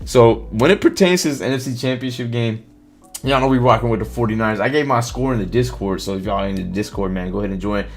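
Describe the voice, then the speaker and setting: A man's voice: mid-range voice, fast. A man hosting a live stream, talking casually about football, swearing freely and reacting to chat comments, with faint music behind him. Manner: animated, swears, reads chat comments aloud.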